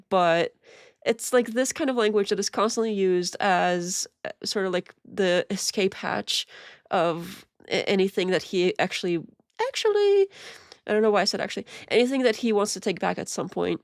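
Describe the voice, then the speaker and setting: A woman's voice: mid-range voice, normal speed, no room sound, studio quality. A woman streamer giving casual, rambling commentary while reacting to a video, exasperated and prone to restarts.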